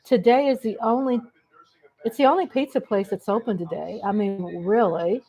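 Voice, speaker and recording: A woman's voice: mid-range voice, normal speed, mellow, low-quality recording. A woman hosting a casual live chat, greeting viewers by name and laughing often. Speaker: livestream host.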